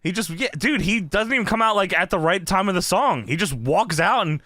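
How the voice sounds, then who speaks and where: A man's voice: sits high, fairly quick, no echo, clean studio sound. A man hosting a podcast, recapping wrestling in casual chat, laughing and swearing often. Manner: laughing, profane, excited. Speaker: podcast host.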